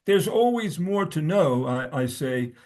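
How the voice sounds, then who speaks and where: A man's voice: on the high side, lively intonation, measured pace, darkish tone. A man talking as a guest scholar, reading from his own essay and quoting sources, often restarting his sentences.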